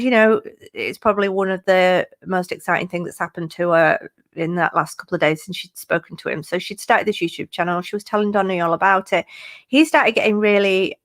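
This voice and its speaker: A woman's voice: medium pitch, fairly bright tone. Chatty woman live-streaming crime talk. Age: adult parent. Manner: rambling, chatty, many fillers. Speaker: true crime YouTube host. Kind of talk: casual live-stream chat.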